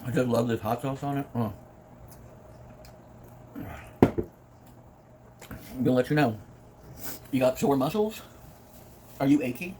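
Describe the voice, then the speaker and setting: A man's voice: mid-range voice, slow, long pauses, noisy background. Playful man chatting while eating. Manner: playful, sings and hums between bites. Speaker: mukbang vlogger. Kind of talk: casual eating vlog talk.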